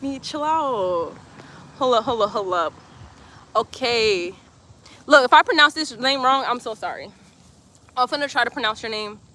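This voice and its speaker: A woman's voice: on the high side, lively intonation, moderate pace, long pauses, sharp tone. A woman, leading a live-streamed yoga class outdoors and reading comments in a playful, chatty way. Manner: playful, chatty, laughs often, breathy cues. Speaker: yoga instructor.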